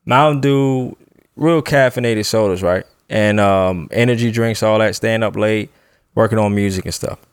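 A man's voice: lowish voice, moderate pace, clean tone, no room sound, clean studio sound. Slangy young man telling a story. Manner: loose slangy storytelling, often laughing. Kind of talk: casual storytelling.

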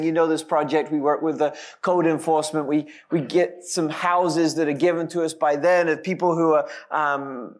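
A pastor preaching a sermon, speaking emphatically with light, self-deprecating humor. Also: mid-range voice.

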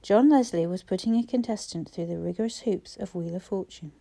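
A woman narrates a novel in scripted storytelling, her delivery steady and expressive. The voice is warm and mellow, with a mid-range pitch. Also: a little fast, creaky, hardly any pauses. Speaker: audiobook narrator.

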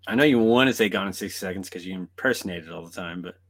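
A man with a fairly low voice chats casually as a podcast co-host. He laughs often and swears freely, keeping things loose and conversational. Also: fast, a bit bright. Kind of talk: casual chat.

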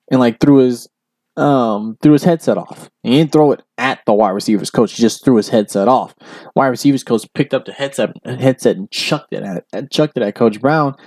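A man hosting a casual commentary show, telling a story in a rambling, animated way with lots of filler words and acting out the people he quotes. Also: medium pitch, fairly quick, no room sound, clean studio sound. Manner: acts out quoted people in raised voices. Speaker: podcast host.

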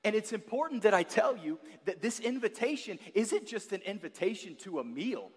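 A man preaching a sermon as a guest pastor, emphatic, swinging from loud peaks to quiet asides. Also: high voice, big pitch swings, moderate pace, husky, in a large hall.

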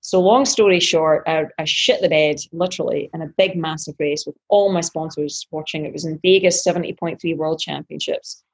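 Casting: lower-pitched husky woman, pro athlete guest, animated storyteller who replays her own thoughts. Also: fairly quick, few pauses. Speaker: professional triathlete guest. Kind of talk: podcast interview storytelling.

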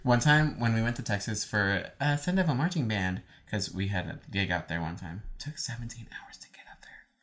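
A young woman co-hosting a casual podcast, telling jokey stories and reacting in an animated way. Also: very deep voice, fairly quick. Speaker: podcast co-host. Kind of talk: casual chat reviewing a movie.

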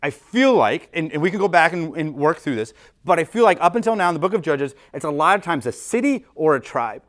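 A man giving a church sermon in a loose, conversational way, peppering his talk with fillers as he walks through a passage. His voice sits a little higher than most men's, and he moves between read verses and lively explanation. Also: fairly quick. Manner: conversational, animated preaching with many "like" fillers. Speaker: pastor.

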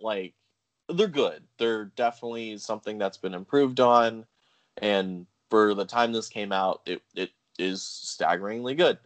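Brief: lower-pitched male co-host, dry close recording, rambling casual chat. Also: no room sound. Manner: rambling, full of "like" and "um". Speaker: podcast co-host. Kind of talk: casual game review chat.

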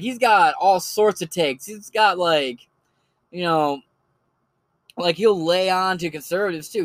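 A man's voice: sits high, no room sound. A man talking casually and profanely as he rambles through recommendations of online creators. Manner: rambling, profane, laid-back. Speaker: channel host recommending creators. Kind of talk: casual solo commentary.

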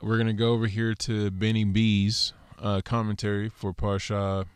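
A man's voice: lowish voice, little pitch movement, normal speed, clear, resonant tone, no echo, clean studio sound. A man teaching a casual scripture lesson, walking through Hebrew word studies with lots of "so" and "okay.". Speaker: Bible teacher.

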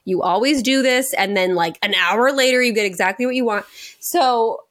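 Young woman on a podcast, high voice, chatty storytelling, keeps laughing. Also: normal speed. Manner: animated storytelling, laughing often. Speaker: podcast co-host. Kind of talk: casual chat. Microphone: video call.

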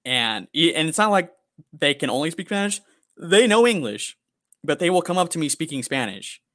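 A man's voice: on the high side, moderate pace, no room sound, clean studio sound. Young man ranting on a podcast. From America. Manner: ranting, profane, animated. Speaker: podcast co-host. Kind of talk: casual podcast chat.

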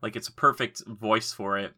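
A man co-hosting a casual chat about video games, animated and full of fillers, acting out little quoted voices. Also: fairly low pitch, moderate pace. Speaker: podcast co-host. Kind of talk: casual game discussion.

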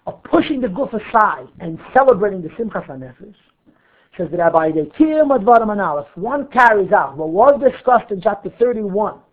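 Man, Torah class teacher, high-pitched, asks and answers questions, narrow phone-like audio. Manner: explains Hebrew text line by line, asks and answers questions. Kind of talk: Torah class on Chassidic text.

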